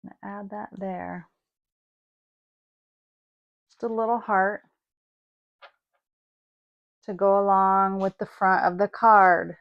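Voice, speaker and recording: A chatty woman leads a card-making class, talking through each step as she works. Her voice sits at an ordinary middle pitch. The recording sounds a little dull and lo-fi. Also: flat delivery, takes it slowly, gravelly, pauses often. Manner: chatty, thinks aloud while working. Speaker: craft class host. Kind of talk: casual craft demonstration.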